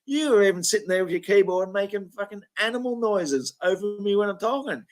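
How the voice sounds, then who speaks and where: A man's voice: high-pitched, expressive, brisk. A man hosting a reaction commentary, ranting angrily with lots of swearing and mocking. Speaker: commentary video host.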